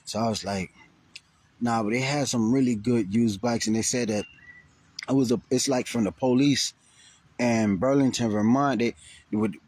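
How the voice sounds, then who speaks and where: A man's voice: mid-range voice, normal speed, pauses often. Profane, rambling man telling a story. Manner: rambling, profane, animated retelling with many restarts. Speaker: vlogger. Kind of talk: casual storytelling to camera. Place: near Burlington, Vermont.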